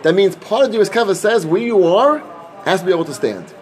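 Fast sing-song Talmud study leader. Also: male voice, high-pitched, expressive, darkish tone. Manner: quick sing-song chanting mixed with plain explanation. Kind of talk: casual Talmud study session.

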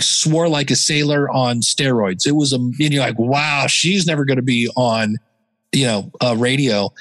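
A man, a podcaster being interviewed, chatting casually and telling animated stories with bits of mimicry. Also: mid-range voice, long reverb tail, rough recording. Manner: animated storyteller, jumps into mimicry. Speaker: podcaster guest.

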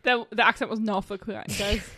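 A woman's voice: medium pitch, steady tone, moderate pace, pushed and bright. A woman co-hosting a casual chat, giggly, unsure and mocking herself. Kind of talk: casual chat guessing game.

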